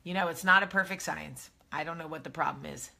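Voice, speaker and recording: A woman's voice: low voice, fairly quick, creaky, sharp tone. A woman in her thirties hosting a live video, talking candidly and animatedly as she gives personal advice in a casual monologue. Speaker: host of a live video show. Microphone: phone or webcam, live video.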